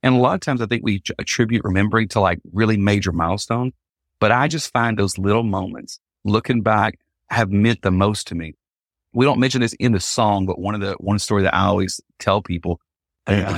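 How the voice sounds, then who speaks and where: This man speaks at a fairly low pitch, recorded cleanly in the studio with no echo. He's a Christian singer guesting on a podcast, and he gets animated as he recounts a personal story, performing the quotes of the people involved.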